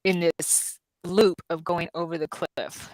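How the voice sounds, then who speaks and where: Chatty woman in her fifties, low-pitched. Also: steady tone, measured pace, darkish tone, no echo, rough recording. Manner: chatty storyteller with many ums and restarts. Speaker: psychic-medium host. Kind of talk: casual livestream chat.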